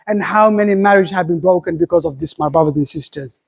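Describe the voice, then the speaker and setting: A man giving a Friday sermon, preaching with passion and repeating key phrases, sometimes reciting Arabic quickly. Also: high-pitched, lively intonation, gravelly, a little mellow. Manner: impassioned, repetitive preaching with rising emphasis.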